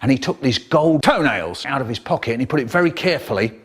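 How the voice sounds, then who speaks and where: Animated, playful male storyteller. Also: medium pitch, fast, slightly rough. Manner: animated, playful vocal effects and sudden squeals. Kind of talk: comic storytelling, chopped into a remix.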